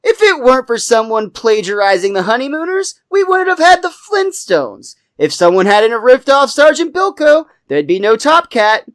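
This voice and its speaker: A man's voice: very high-pitched, big pitch swings, moderate pace, hardly any pauses, fairly bright tone, voice pushed up, exaggerated voice. Man putting on a blustering cartoon studio boss. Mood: defiant. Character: defensive male cartoon studio boss, middle-aged.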